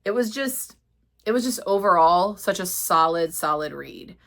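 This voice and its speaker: A woman's voice: on the low side, animated, moderate pace, gravelly, a bit bright. Chatty woman book vlogger. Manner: chatty, self-mocking, rambling. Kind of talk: casual vlog reading diary.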